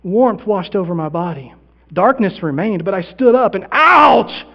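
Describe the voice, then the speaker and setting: A pastor performing a first-person dramatic monologue in a sermon, with long pauses, sinking to a hush and then swelling loud. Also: male voice, high-pitched, animated, lo-fi sound. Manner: theatrical storytelling with long pauses, dropping to near-hushed then swelling loud.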